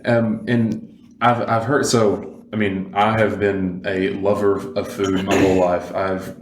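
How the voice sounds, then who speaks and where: A young man with a Southern US accent hosting a podcast, chatty and quick to laugh along with his guest. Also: sits low, little pitch movement, echoey room, a little hiss or hum. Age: young adult. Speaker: podcast host. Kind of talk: casual podcast interview.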